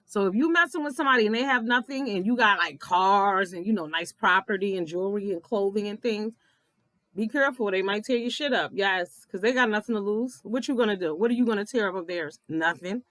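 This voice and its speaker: Woman, middle pitch, blunt, profane, animated, laughs often, casual recap commentary, dry close recording. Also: brisk, dry recording. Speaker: reality TV recap vlogger.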